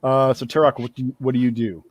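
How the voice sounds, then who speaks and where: A man's voice: mid-range voice, level tone, no echo. Man running a tabletop game, dry sound. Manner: halting, with many fillers and restarts. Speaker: game master.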